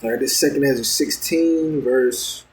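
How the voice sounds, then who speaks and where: Over soft background music, a man with a mid-range voice preaches at a moderate pace, reading news and scripture aloud and commenting on it. He's conversational, stumbles over words, and constantly checks in with listeners by asking "all right?"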